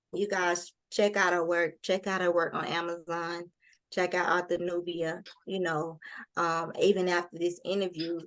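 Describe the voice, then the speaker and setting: A woman hosting a casual interview, talking in quick animated bursts with colloquial speech. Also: fairly low pitch. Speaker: interview host.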